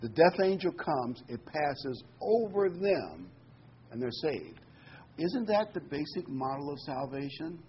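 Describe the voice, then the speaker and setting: A man's voice: a little high, sing-song, unhurried, muffled recording, a little hiss or hum. A middle-aged male pastor preaching a folksy, conversational sermon with asides and corny jokes.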